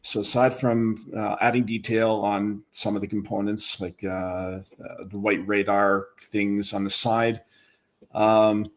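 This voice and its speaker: A man chatting as a guest on a livestream, telling his story in a relaxed, self-deprecating way. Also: on the low side. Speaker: guest model builder. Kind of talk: casual chat on a livestream.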